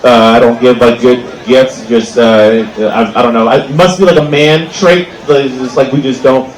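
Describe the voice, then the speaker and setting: A man's voice: medium pitch, fairly even intonation, moderate pace, echoey room, low-quality recording. A young adult man doing a stand-up comedy set on an outdoor stage, rambling with many "like"s and restarts, into a handheld mic.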